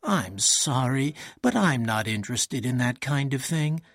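A man reading an audiobook, voicing a tired, languid young nobleman in a raised, husky voice. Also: animated, a little slow, no room sound, clean studio sound. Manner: tired, languid, higher put-on voice. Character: weary idle young nobleman.

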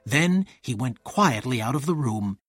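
A man narrating a story aloud in a clear, measured way, voicing each character in turn. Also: mid-range voice, animated, no echo.

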